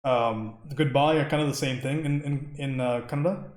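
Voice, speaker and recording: A man's voice: mid-range voice, steady tone, normal speed, darkish tone, roomy sound. A man from India chatting casually with his stream viewers while painting. He rambles, laughs often and answers questions from chat.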